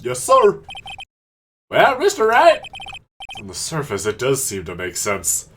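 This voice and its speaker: A man's voice: medium pitch, wildly swooping pitch, a little slow, a bit bright, a little hiss or hum, heavily acted. A man voicing a flustered older male judge who is easily swayed, reading game lines over game music. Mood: pondering.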